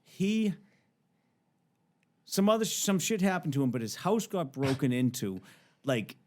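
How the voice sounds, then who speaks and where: A man's voice: a little high, sing-song, unhurried. A man in his thirties, a podcast guest, telling a story in casual chat, swearing freely and acting out both sides of phone calls.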